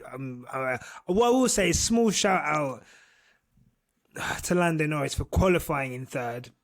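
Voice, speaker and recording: A man hosts a podcast in loose, casual chat. His voice sits slightly high and carries a gravelly fry. He rambles through restarts and often breaks into laughter. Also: lively intonation, unhurried. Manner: rambling, laughs a lot, mimics drivers. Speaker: podcast host.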